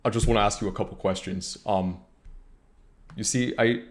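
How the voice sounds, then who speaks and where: Tabletop player, male, earnest and hesitant, low voice. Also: steady tone, normal speed. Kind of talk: in-character roleplay chat.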